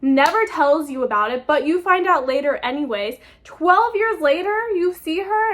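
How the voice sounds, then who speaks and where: A woman's voice: high-pitched, animated, normal speed, hardly any pauses, fairly bright tone. A woman in her twenties, a book vlogger, ranting in a casual, exasperated review and swearing freely.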